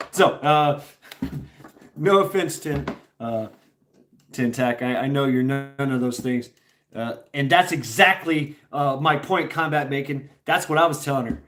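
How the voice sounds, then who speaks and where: A middle-aged man from Tennessee spins a loose, casual story for his stream chat, voice sitting at an ordinary male pitch. He laughs often, swears freely, and keeps trailing off and restarting his sentences. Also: fairly even intonation, moderate pace, a bit bright, a little hiss or hum.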